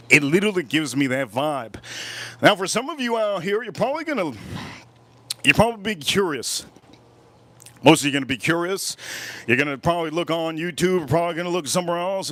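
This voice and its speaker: A man's voice: on the high side, fairly bright tone. A man reviewing a fragrance in a casual, rambling monologue, repeating himself and pressing his points hard. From United States. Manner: rambling, repetitive, emphatic; restarts often.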